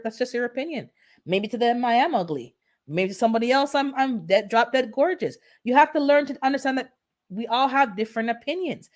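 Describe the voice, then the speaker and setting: A woman's voice: a little high, darkish tone. A woman hosting her own channel, chatting casually on a live stream in a blunt, sarcastically funny, rambling way. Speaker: gardening channel host.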